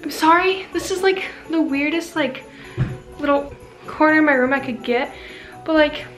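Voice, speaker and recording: A woman's voice: high voice, moderate pace, fairly bright tone, roomy sound, soft background music, poor audio. A young woman chatting in a casual vlog, bubbly and self-mocking, rambling with lots of fillers and sleepless late at night. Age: young adult. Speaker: vlogger. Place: bedroom, then a room with a piano.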